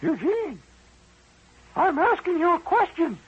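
A stern schoolteacher lady scolds her young pupil in a high, prim voice, performed by a man telling the story. She is insistent and clipped, laying down rules for the whole class. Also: big pitch swings, slow, muffled recording, heavily acted. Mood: scolding. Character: strict, stern female first-grade teacher.

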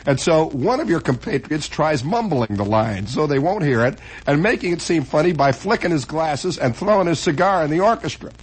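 A man with a husky, rather high voice tells a comic backstage story. He swings from hushed asides to loud bits of mock performance, and his pitch jumps around freely. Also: big pitch swings, moderate pace, hardly any pauses, poor audio. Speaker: comedian telling a stage story.

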